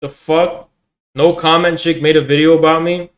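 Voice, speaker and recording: A man's voice: a little high, flat delivery, moderate pace. A man streaming live, ranting in a profane, boisterous and confrontational way. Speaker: livestreamer. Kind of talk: ranting livestream monologue.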